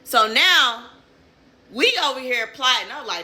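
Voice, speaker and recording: Young woman spilling a story, cussing a lot, bright sharp voice. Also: a little high, measured pace. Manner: animated, profane, streetwise slang. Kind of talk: casual storytelling.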